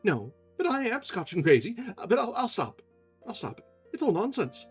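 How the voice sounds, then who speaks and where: Man putting on a soft, fretful young woman. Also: high-pitched, sing-song, moderate pace, breathy edge, faint music behind, voice pushed up, full character voice. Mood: anxious. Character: tender, anxious young woman nurse in love.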